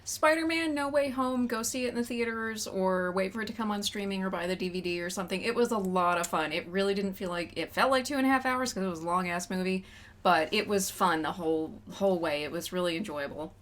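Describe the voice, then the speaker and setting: A woman's voice: medium pitch, fast talker, fairly bright tone. Female co-host, casual movie chat, enthusiastic and chatty. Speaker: podcast co-host.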